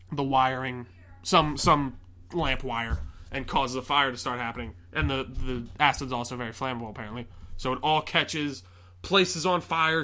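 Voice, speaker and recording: Young man, podcast host, casual movie recap, acts out voices, swears a lot. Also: mid-range voice. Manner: animated storyteller, acts out scenes, swears often.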